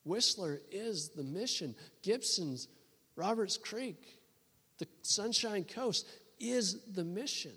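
A man's voice: high voice, slow pace, slightly rough. Man preaching in a reverberant hall. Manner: animated storyteller with many restarts. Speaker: guest preacher. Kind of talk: sermon storytelling. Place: church hall. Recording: long reverb of a church hall.

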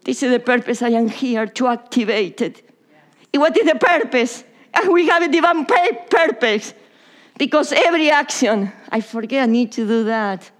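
High-voiced woman preaching in English. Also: expressive, moderate pace. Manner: non-native English with Spanish slips, drops to whispers. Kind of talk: sermon.

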